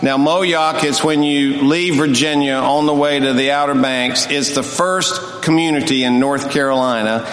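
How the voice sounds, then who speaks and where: An older man preaching a sermon in a church sanctuary. He tells stories in a folksy, humorous way, sometimes quick and sometimes drawn out. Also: medium pitch, fairly even intonation, a bit bright. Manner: folksy, humorous storyteller, pace swings between quick and drawn out. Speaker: pastor. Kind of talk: sermon with storytelling. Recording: echoey hall, faint noise.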